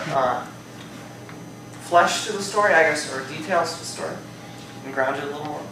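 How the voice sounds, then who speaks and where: A man's voice: on the high side, recorded from a distance, noisy background. Man evaluating a speech in an echoey room. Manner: conversational, hedges often with "I think" and "you know". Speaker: speech evaluator at a speaking club. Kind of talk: spoken speech evaluation to a live audience. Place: club meeting room.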